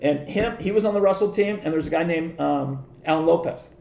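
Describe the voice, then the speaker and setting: A man in his sixties recounts his younger days in loose, animated anecdotes, stumbling over restarts and slipping into quoted voices. His voice sits a little high and carries a gravelly edge, and the room around him is echoey. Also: fairly quick. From Southern California. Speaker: podcast guest. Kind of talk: storytelling in casual chat.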